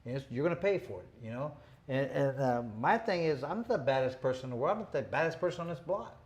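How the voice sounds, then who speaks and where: A man's voice: mid-range voice, lively intonation, quick pace. A man in his fifties hosting a boxing show, telling stories in a casual, rambling, tough-talking way full of "you know" asides. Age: 50s. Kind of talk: casual storytelling chat.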